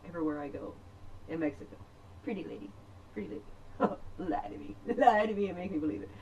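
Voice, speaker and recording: A middle-aged woman telling a personal story in a rambling, chatty way, laughing often and filling pauses. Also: on the low side, lively intonation, a little mellow, lo-fi sound. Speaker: podcast host.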